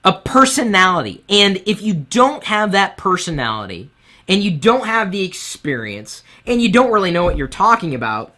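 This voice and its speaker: Man, high-pitched voice, web show host, candid live-stream advice, very lively pitch, bright tone. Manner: animated, candid, speaks from the heart. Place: home studio set with lights. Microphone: boom mic on top of the camera.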